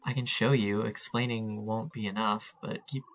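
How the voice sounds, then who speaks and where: Casting: gravelly man, unhurried let's-play commentary, wry and self-mocking, faint music underneath. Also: fairly low pitch, fairly even intonation. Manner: chatty, self-mocking, reads game text aloud and banters with it. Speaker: gamer playing a text adventure.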